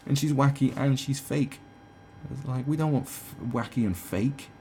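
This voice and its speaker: A mid-range, mellow male voice at a moderate pace delivers a casual rant about politicians, sarcastic and profane, with mocking impressions woven in. The speaker is a commentary channel host in his twenties or thirties recording at home, with slight background noise.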